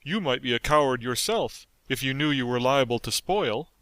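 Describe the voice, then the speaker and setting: A man's voice: mid-range voice, animated, normal speed, fairly bright tone. A man voicing a timid, gloomy pumpkin-headed man in an audiobook, fearful and nervous. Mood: defensive. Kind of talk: audiobook character voice.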